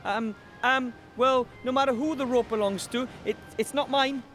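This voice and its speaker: Wilbur, a jittery gnome. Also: male voice, very high-pitched, fairly even intonation, moderate pace, a bit bright, soft background music. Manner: nervous, stammering. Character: timid young male gnome wizard.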